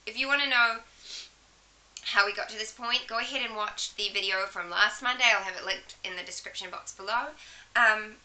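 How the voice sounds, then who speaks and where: A New Zealand woman vlogging with a head cold, her voice stuffy and hoarse-edged yet very bright and sharp. She chats casually to camera, telling her story with asides and the odd throat clear. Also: medium pitch, normal speed, rough recording.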